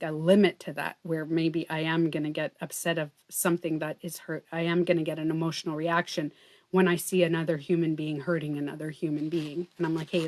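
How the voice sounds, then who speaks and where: A woman with a fairly low-pitched voice hosts a casual livestream as a beauty coach. She talks in a chatty, earnest way, packing her speech with fillers like "like" and "you know." There's slight background noise.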